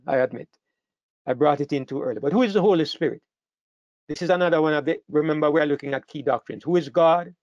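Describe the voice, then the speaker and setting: A man delivers a sermon in a fairly high voice, pushing his pitch and volume up hard whenever he drives a point home and stumbling through restarts along the way. The recording is dry and close, with a dull, muffled tone. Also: darkish tone, dry recording. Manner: emphatic, rising sharply in pitch and volume on key phrases, with frequent restarts. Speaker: preacher.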